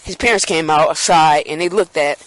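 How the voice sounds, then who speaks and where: A young man telling a casual storytime vlog story, rambling with lots of fillers and restarts, and jumping into squeaky voices when he acts out his scared friends. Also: a little fast, a bit bright, low-quality recording.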